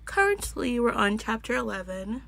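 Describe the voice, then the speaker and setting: A young woman vlogging casually about a book she is reading, animated and exclamatory, talking from a small closet. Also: medium pitch, normal speed. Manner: animated, exclamatory, chatty with frequent "like". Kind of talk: casual reading reaction vlog. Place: small closet next to a bathroom.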